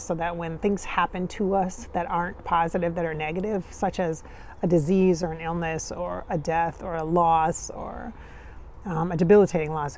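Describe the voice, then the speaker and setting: Gravelly woman, chatty and wry. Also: on the low side, darkish tone. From Minnesota. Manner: chatty, dry sarcastic humor, frequent laughs. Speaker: channeler. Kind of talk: casual spiritual channeling talk.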